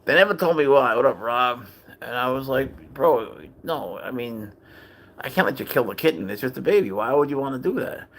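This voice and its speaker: A man's voice: medium pitch, animated, moderate pace, fairly bright tone, a little hiss or hum. A man hosting a casual livestream, telling a long rambling story in a chatty, profane way and greeting viewers. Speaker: livestream host and cat owner.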